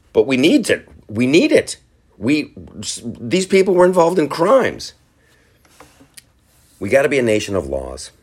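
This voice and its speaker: A low-pitched man hosts a podcast alone, rambling animatedly, restarting often, and tossing in quick mimicked quotes.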